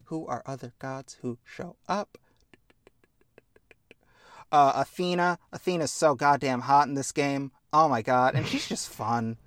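A man's voice: medium pitch, fairly even intonation, a little slow, long pauses, a bit bright, dry recording, clean studio sound. A young man hosting a podcast, chatting casually and enthusiastically, swearing freely as he tells stories. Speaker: podcast host. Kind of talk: casual chat.

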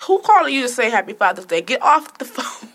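Teasing young woman with a lively, swinging voice. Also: fairly high pitch, fairly quick. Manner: teasing, laughs often. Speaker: podcast host. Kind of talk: casual family podcast banter.

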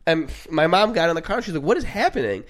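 A man's voice: a little high, sing-song, fast. A young man co-hosting a podcast, telling stories in a casual chat and laughing often. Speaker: podcast co-host.

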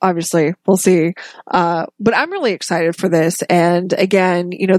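A woman's voice: on the low side, dry recording. A woman co-hosting a casual podcast chat about a film, talking with enthusiasm and frequent restarts. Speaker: podcast co-host.

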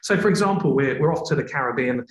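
A man who works as a TV presenter, explaining his technique in an expressive, tone-varied way. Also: medium pitch, very fast, roomy sound, low-quality recording. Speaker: TV presenter, guest.

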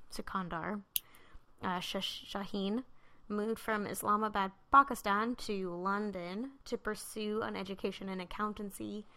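A woman co-hosting a casual podcast, reading out a case she rewrote herself, with fillers and pauses over hard names. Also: mid-range voice, gravelly, pushed and bright. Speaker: podcast co-host presenting a case. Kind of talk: casual chat, reading a rewritten article.

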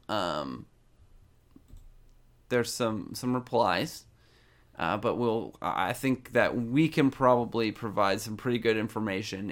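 Unhurried male co-host, chatty and hesitant, full of ums, medium voice. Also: lowish voice, smooth. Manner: halting, lots of ums and laughs. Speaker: podcast co-host. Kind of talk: casual comedy advice chat.

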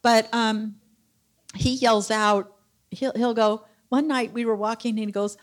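A woman's voice: on the high side, fairly even intonation, a little slow. A middle-aged woman sharing a church testimony, telling a personal story and acting out the people she quotes.

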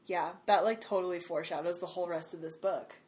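A woman co-hosting a podcast in casual chat, talkative and quick to laugh, peppering her talk with fillers. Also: lowish voice, steady tone, a little mellow. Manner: chatty, lots of "like" fillers, laughs easily. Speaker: podcast co-host.

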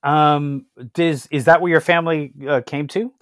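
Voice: mid-range voice, fairly even intonation, moderate pace, dry recording, studio quality. An interviewer asking short, casual questions, with hesitant fillers.

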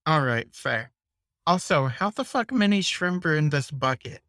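A man's voice: a little high, animated, normal speed, sharp tone, no room sound, clean studio sound. A man running a tabletop game as game master, with casual, profane talk.

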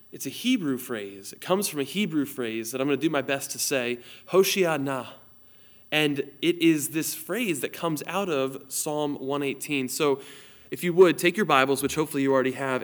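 A pastor in his thirties preaches an online sermon, earnestly telling a family story and reading scripture aloud. His voice is fairly high-pitched.

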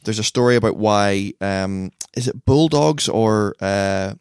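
A man's voice: fairly low pitch, a little slow, smooth, no room sound, studio quality. A man chatting casually as a podcast co-host, telling long rambling stories with swearing. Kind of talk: casual chat.

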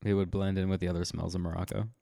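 A man co-hosting a podcast in casual chat, throwing in quick jokes and profanity while he listens. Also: sits low, flat delivery, gravelly, mellow, no echo, studio quality. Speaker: podcast co-host.

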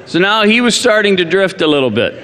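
A man's voice: high voice, a little fast, a little hiss or hum. A male pastor praying earnestly, then telling a self-deprecating, humorous story from the pulpit. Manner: earnest in prayer, animated and self-deprecating in anecdotes. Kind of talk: sermon with prayer and humorous storytelling. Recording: echoey church hall.

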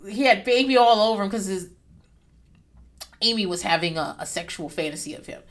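A woman giving casual reaction commentary on a TV show, candid and profane, with lively asides. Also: medium pitch, brisk. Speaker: vlogger.

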